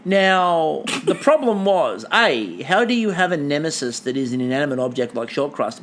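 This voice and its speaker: A man's voice: fairly high pitch, sing-song, moderate pace, hardly any pauses, a bit bright. A man co-hosting a casual comedy podcast, rambling with sarcastic, mock-dramatic asides. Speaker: podcast co-host.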